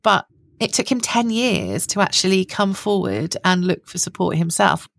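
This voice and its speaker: Woman podcast co-host, gravelly low voice, dry close sound. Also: very animated, moderate pace, no echo. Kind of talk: reflective podcast chat.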